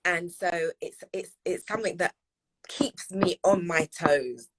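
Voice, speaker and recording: A woman's voice: fairly low pitch, measured pace, noisy background. A woman speaking as a guest in a live discussion, earnest and repeating phrases for emphasis. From United Kingdom. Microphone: video call.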